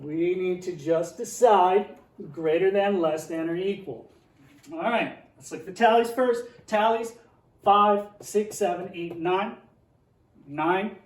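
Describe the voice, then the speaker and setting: A man's voice: sits high, reverberant, recorded from a distance. A man teaching young children, playfully reading a tongue-twister picture book aloud and then explaining a math lesson at a board.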